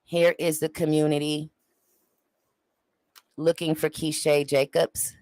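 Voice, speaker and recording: A man's voice: on the high side, level tone, takes it slowly, darkish tone, dry recording, poor audio. A man in his forties hosting a show, making emotional, preacher-like appeals to his viewers. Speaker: show host. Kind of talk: livestream commentary.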